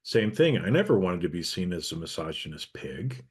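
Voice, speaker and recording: A podcast host with a low voice, talking things through in an earnest, reflective way. He keeps checking in with his co-host as he goes, in relaxed conversation. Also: normal speed, husky. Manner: earnest, reflective, frequent "right?" tags. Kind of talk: casual conversation.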